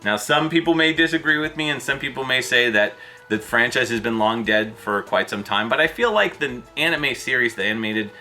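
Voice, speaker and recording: A man with a bright, forward voice delivers a gaming rant. He talks loosely and exasperated, spiking up high in disbelief. Soft music plays underneath. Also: fairly quick. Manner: exasperated, with sudden jumps up in pitch; loose, with fillers and restarts. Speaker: video host. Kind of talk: ranting commentary vlog.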